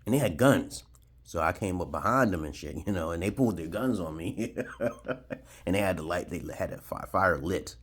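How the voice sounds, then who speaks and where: A man's voice: sits low, lively intonation, moderate pace, breathy edge. A man in his forties from Brooklyn, New York, telling a rambling story to camera and tagging his points with "okay?". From Brooklyn, New York, USA. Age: 40s. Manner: rambling, keeps adding "okay?", chuckles. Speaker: video blogger.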